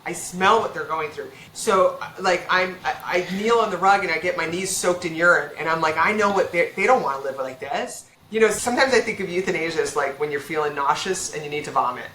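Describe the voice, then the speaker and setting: A woman veterinarian speaking frankly and casually as a podcast guest, talking in quick bursts with restarts. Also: lowish voice, fairly bright tone. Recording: echoey room with faint background hum.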